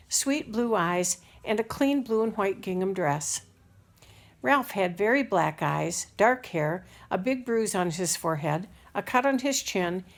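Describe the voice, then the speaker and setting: Gravelly-voiced woman reading a children's novel. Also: mid-range voice. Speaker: audiobook reader. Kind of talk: scripted narration of a children's novel.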